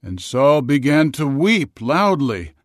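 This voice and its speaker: A man narrating scripture in a measured, expressive storytelling manner. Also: fairly high pitch, no echo, studio quality.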